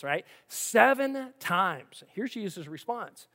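Lively preacher in a reverberant hall. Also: mid-range voice, takes it slowly, hardly any pauses. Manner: animated, acts out quoted voices and asks rhetorical questions. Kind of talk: sermon with scripture reading.

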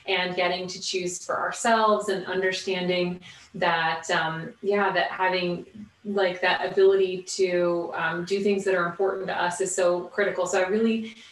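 A woman guest on a podcast, telling stories about her values in a candid, animated way with lots of fillers. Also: fairly low pitch, moderate pace, slight background noise. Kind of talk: casual interview conversation. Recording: roomy, distant mic.

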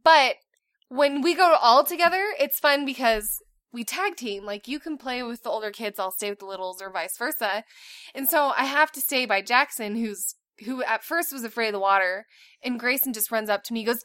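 A woman in her thirties co-hosting a podcast in casual chat, telling animated stories and laughing often. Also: a little high, moderate pace, dry recording, studio quality. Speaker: podcast co-host.

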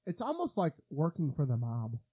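A man's voice: fairly high pitch, wildly swooping pitch, normal speed, mellow, husky. A man co-hosting a podcast in casual chat, joking and swearing casually. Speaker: podcast co-host.

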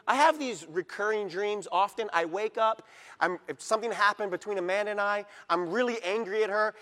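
A middle-aged male pastor preaching a sermon in a church, emphatic and rising to loud peaks as he reads scripture. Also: high-pitched, big-room sound. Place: church sanctuary.

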